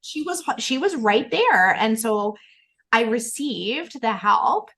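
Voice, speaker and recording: A woman hosting a podcast who tells stories in a quick, chatty, animated way. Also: on the high side. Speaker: podcast host. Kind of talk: casual interview chat.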